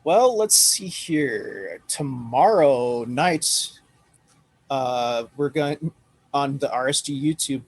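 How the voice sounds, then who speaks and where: Relaxed Irish man, dry close mic. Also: medium pitch, slow pace, slightly rough, no room sound. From Ireland. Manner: laughs often, easygoing. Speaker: podcast guest. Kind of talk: casual chat.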